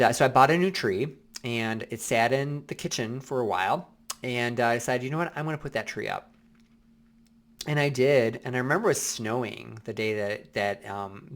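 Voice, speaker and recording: A man's voice: medium pitch, a bit bright. Earnest man sharing self-care advice. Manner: earnest and reflective, many fillers. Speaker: vlog host. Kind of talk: personal self-help talk.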